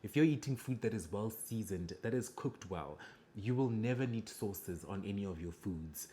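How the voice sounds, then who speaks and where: A man's voice: lowish voice, lively intonation, normal speed, warm tone, slight background noise. A man hosting a reaction video, giving blunt, judgmental commentary and lecturing his viewers.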